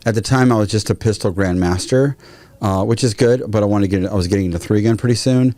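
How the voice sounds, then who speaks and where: A man, a guest firearms trainer, telling stories in a casual, animated way and acting out quotes. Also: lowish voice, quick pace. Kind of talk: casual storytelling.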